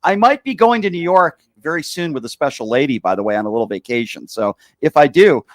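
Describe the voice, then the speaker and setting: A man hosting a political call-in show, talking fast and mocking his opponents. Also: fairly high pitch, lively intonation, no room sound.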